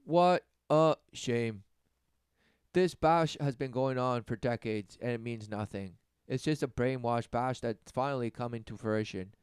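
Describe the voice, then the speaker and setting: A man delivering a mocking sermon rant, often mimicking others in high, sarcastic voices. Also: normal speed, hardly any pauses, clear, resonant tone, no room sound, clean studio sound. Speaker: preacher.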